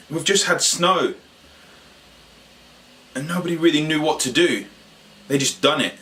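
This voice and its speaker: A man, a health coach, tells a personal story to camera in a halting way, repeating phrases and pausing for drama. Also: on the high side, fairly bright tone. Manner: halting, repetitive retelling with dramatic pauses. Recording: voice a little distant from the mic.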